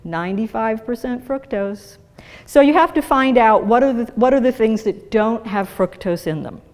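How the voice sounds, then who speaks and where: A woman giving a lively talk to an audience, acting out little voices as she explains. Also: on the high side, normal speed. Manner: animated, acts out voices of the brain and liver. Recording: long reverb of a hall.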